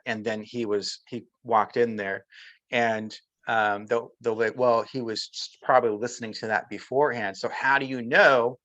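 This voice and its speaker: Male interview guest, storyteller, mid-pitched voice, dry close recording. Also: a bit bright, no room sound, rough recording. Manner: storytelling, often acting out quotes of others. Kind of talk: casual interview chat.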